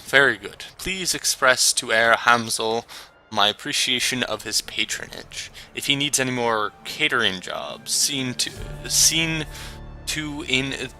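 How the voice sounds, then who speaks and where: A man voicing a genial, salesy middle-aged male coffee vendor who talks in smooth, flattering patter. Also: mid-range voice, a little slow, soft background music, rough recording.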